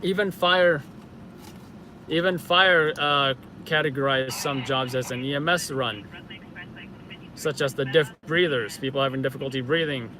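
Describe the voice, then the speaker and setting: A man's voice: mid-range voice, steady tone, a little slow, pushed and bright, poor audio. A man hosting a casual live stream from inside a car, rambling with many fillers as he answers viewers. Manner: rambling, filler-heavy, self-correcting. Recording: car and street noise.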